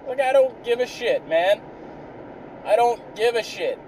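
A man's voice: extremely high pitch, lively intonation, a little slow, darkish tone, recorded from a distance, slight background noise, poor audio. A man telling a comic story in a rambling, exasperated way, swearing constantly.

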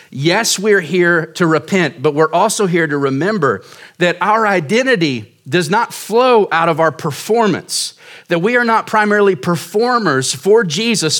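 A pastor in his forties with a high, fairly bright voice tells a story casually during his sermon, poking fun at himself throughout.

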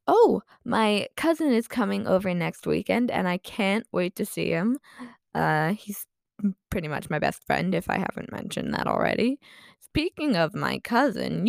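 A woman's voice: mid-range voice, sing-song, unhurried, gravelly, no room sound, clean studio sound. A woman chatting casually in a vlog, rambling and self-deprecating with lots of fillers, her voice a bit tired. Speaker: vlogger.

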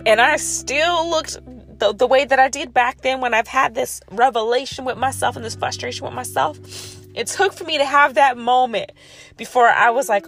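A woman's voice: sits high, moderate pace, fairly bright tone, soft background music. A woman giving a fired-up motivational monologue about weight loss, calling her listeners y'all.

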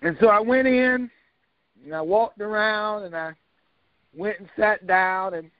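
A man's voice: high-pitched, a little slow, dry recording. Folksy older man, dull lo-fi sound. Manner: folksy, colloquial, joking. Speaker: storyteller. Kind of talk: casual storytelling. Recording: dull, lo-fi dry recording.

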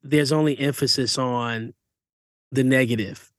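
In a casual chat, a man talks things through reflectively, using plenty of fillers. His medium-pitched voice is a bit bright, with fairly even intonation and a measured pace, captured as clean studio sound with no room noise.

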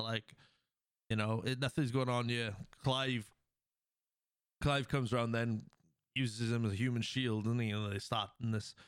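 Smooth-voiced man rambling through a film recap. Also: medium pitch, fairly bright tone, dry recording, studio quality. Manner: rambling, heavy with fillers; acts out quoted lines. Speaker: podcast host. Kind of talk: casual film plot recap.

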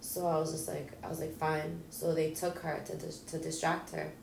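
Deep-voiced with vocal fry and a slightly mellow quality, a woman talks at normal speed with little pitch movement while, as an interview guest, she bluntly tells an emotional personal story, swearing and acting out dialogue rawly. The audio has roomy echo from a distant mic, faint ambience and a little hiss or hum.

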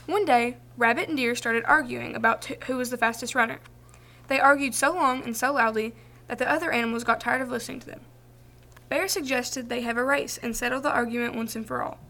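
A woman reading a children's folktale aloud, in a clear and expressive storytelling voice. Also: fairly high pitch, a little fast.

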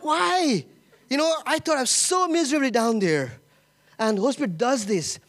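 A man's voice: extremely high pitch, big pitch swings, brisk. A man preaching a sermon as pastor, telling a personal story with emotion, laughter and many repetitions.

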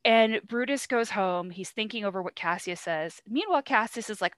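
A woman's voice: mid-range voice, lively intonation, normal speed, hardly any pauses, fairly bright tone, dry recording. A young woman co-hosting a podcast, retelling a play in casual, swearing slang and acting out the characters in bits. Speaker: podcast co-host.

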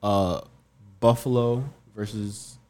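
A man's voice: lowish voice, fairly even intonation, slow, a little mellow. A man co-hosting a podcast, easygoing, moving things along with questions in casual chat. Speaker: podcast co-host.

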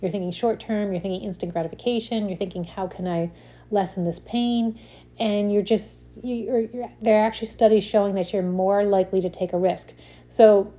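A woman's voice: medium pitch, dark tone. A woman giving a casual self-help talk, often checking in with "right?" and restarting her sentences. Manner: explains with frequent "right?" check-ins and examples. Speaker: speaker on stress and habits.

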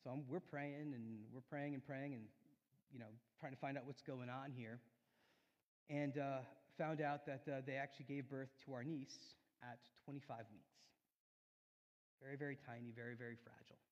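A man preaching a sermon in a church, telling a personal story earnestly, rising loud and then dropping soft. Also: on the high side, highs cut off. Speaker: pastor. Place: church sanctuary. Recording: long hall reverb.

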